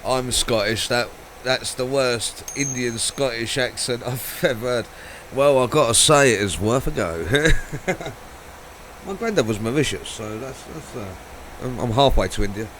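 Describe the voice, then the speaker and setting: A man's voice: medium pitch, expressive, measured pace, fairly bright tone, slight background noise, rough recording. A man live-streaming a flight simulator, chatting casually, rambling, swearing and laughing a lot.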